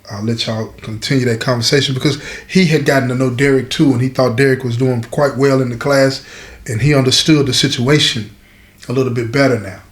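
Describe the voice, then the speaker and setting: A man telling a story in a casual, earnest way, talking straight to his listeners as the host. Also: medium pitch. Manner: conversational, earnest, addresses listeners directly. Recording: echoey room.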